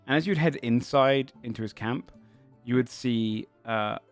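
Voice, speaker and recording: A man's voice: mid-range voice, a little slow, soft background music. A man narrating a tabletop game as game master, describing scenes in a rambling way full of fillers.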